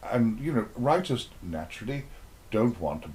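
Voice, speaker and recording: A man's voice: medium pitch, very animated, normal speed, a little mellow, slight background noise. An older man, an actor being interviewed, reminiscing in a rambling, playful way and acting out little exchanges as he tells them.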